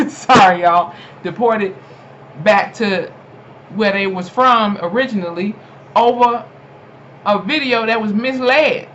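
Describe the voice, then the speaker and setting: A young adult YouTuber chattily recapping a TV episode, animated and laughing often, with lots of fillers. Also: mid-range voice. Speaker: TV episode reviewer. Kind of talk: casual spoken episode recap. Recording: dull lo-fi home recording with faint noise.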